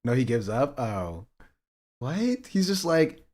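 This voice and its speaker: A man's voice: mid-range voice, sing-song, slow, darkish tone. Sarcastic laughing male streamer. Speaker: livestream host. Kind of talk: casual stream commentary.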